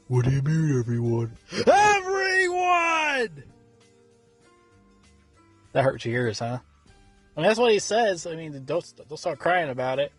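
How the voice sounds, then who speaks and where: A man's voice: medium pitch, breathy edge. Rambling, profane male movie reviewer. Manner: rambling, profane, many fillers and restarts. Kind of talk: casual film review.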